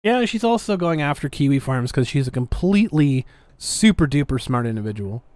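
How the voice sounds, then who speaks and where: A woman's voice: very deep voice, very animated, a little fast, darkish tone, no echo. A woman hosting a podcast, ranting in a sarcastic, defiant way as she comments casually. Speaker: podcast host.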